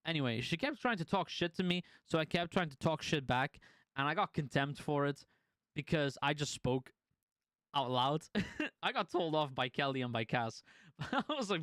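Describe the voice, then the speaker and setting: A male streamer with a fairly high voice, recorded dry and close with no room sound. He chats to his viewers and tells stories loosely, swearing freely and laughing often. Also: very animated, fairly quick, fairly bright tone, no room sound. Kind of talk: casual chat to stream viewers.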